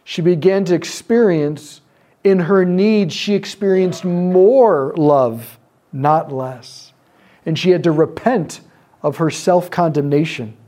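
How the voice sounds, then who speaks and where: Guy teaching a group about prayer, tells stories, mellow tone, voice sits a bit high. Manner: storytelling, acts out quoted voices, lets pauses land. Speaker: speaker teaching on prayer ministry. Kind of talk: sermon-style talk to a live group.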